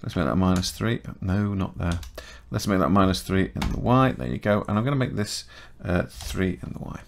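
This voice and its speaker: Gravelly low-voiced man teaching software. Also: moderate pace, noisy background. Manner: chatty and self-correcting, talking through each step. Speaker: 3D modelling tutor. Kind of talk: casual screen-recorded software tutorial.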